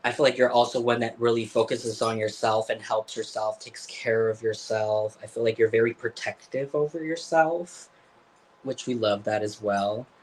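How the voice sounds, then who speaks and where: Gentle hesitant man giving a psychic reading. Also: lowish voice, fairly even intonation, normal speed, a little hiss or hum, rough recording. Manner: hesitant, many fillers and restarts, gentle. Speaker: psychic card reader. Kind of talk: live intuitive reading.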